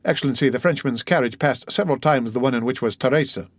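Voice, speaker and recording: A man's voice: medium pitch, fast, no room sound, natural voice. Deferential bandit messenger, devoted, respectful, read by a man, dry. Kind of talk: audiobook character reading.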